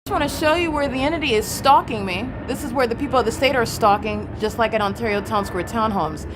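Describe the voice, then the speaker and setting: This vlogger, filming in public, holds her phone while walking a street lined with parked cars and delivers heated, accusing commentary, repeating herself insistently. Her voice sits on the high side, she talks quickly, and background noise is audible.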